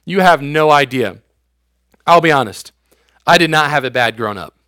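A man's voice: fairly high pitch, animated, moderate pace, sharp tone, dry recording, clean studio sound. A man in his thirties preaching a youth sermon as youth pastor, casual and slangy, with everyday asides to his listeners.

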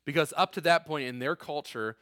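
A man's voice: a little high, a little fast, a bit bright, dry recording, clean studio sound. A man preaching a conversational sermon as a pastor, earnest and emphatic with informal asides.

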